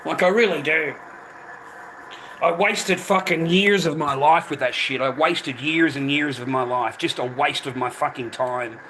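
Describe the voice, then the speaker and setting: His voice is a little high and sharp, with fairly even intonation and an unhurried pace. A middle-aged man on a live stream, he rants angrily, curses, and says "mate" at the close of nearly every line. The poor recording has a little hiss or hum.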